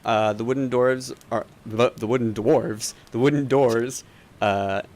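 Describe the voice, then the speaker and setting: Rambling game master with a gravelly voice. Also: male voice, mid-range voice, fairly even intonation, a little slow, darkish tone. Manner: rambling, filler-heavy. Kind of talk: narrating a tabletop game.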